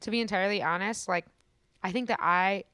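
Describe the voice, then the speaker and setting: Soft-spoken woman comic guest, very smooth tone, close and dry sound, chatty with fillers. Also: mid-range voice, a little fast, no room sound. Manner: chatty, many fillers and restarts. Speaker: musical comedian guest. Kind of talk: casual podcast conversation. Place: comedy club.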